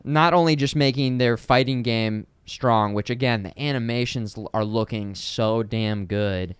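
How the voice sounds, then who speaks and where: A man co-hosting a podcast, talking in a rambling, excitable way with lots of fillers. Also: mid-range voice, unhurried, smooth, dry recording. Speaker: podcast co-host. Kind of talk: casual chat.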